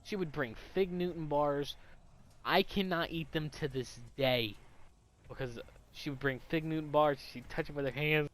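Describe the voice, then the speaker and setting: A man's voice: on the high side, moderate pace, a bit bright. A young adult man telling a personal story in a casual, rambling, heavily profane way.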